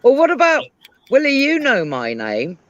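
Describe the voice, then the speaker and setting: British woman, animated storyteller, bright high voice, muffled dry stream mic. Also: moderate pace, no echo. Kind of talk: casual chat. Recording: dry, dull lo-fi stream audio.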